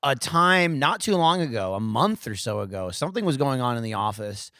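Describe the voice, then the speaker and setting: A man's voice: medium pitch, a little fast, dry recording, studio quality. A man co-hosting a comedy food podcast, telling stories in a casual chat and acting out what people said. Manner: animated storyteller, acts out quotes. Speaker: podcast co-host.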